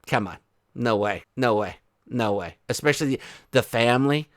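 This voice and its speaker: Brief: male vlog commentator, mid-pitched, incredulous and rambling, dry close sound. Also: expressive, normal speed, dry recording. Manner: incredulous, rambling with many restarts. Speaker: online commentary host. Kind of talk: casual commentary.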